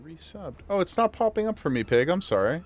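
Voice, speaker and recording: A man's voice: fairly high pitch, sing-song, a little fast, soft background music. A man streaming a game, chatting casually and enthusiastically thanking viewers. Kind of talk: casual gameplay livestream chat.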